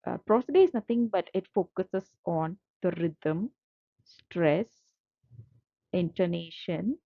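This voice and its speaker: Woman teacher, slow and patient, dry lo-fi recording. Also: lowish voice, animated, gravelly, no echo. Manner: repetitive, patient explaining with frequent fillers. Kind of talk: explaining slides in a lecture. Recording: dull lo-fi dry audio.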